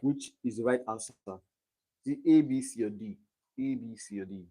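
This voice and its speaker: A man's voice: mid-range voice, normal speed, mellow, husky. Young man tutoring on a live stream. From Nigeria. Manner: reads quiz options aloud and checks understanding.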